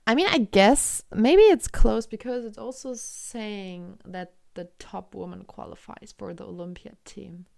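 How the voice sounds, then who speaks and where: A woman's voice: mid-range voice, unhurried, gravelly, few pauses, darkish tone. A woman streamer commentating a chess game live, thinking aloud in a hesitant, chatty way and answering chat. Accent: non-Irish.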